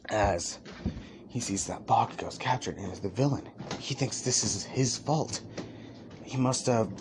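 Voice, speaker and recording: A man's voice: fairly low pitch, background noise. A man improvising a fan story, rambling casually and correcting himself as he goes.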